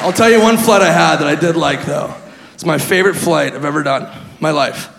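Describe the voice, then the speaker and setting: A man's voice: fairly high pitch, brisk, creaky, fairly bright tone, slight background noise. A man doing stand-up storytelling, brash and laughing at his own jokes on a comedy club stage, recorded live in a hall with a crowd.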